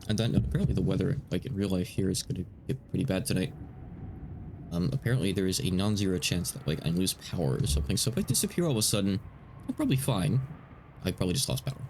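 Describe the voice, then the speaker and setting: A man's voice: sits low, sing-song, fast, noisy background. A male streamer reading a visual novel aloud, with casual asides between the narration.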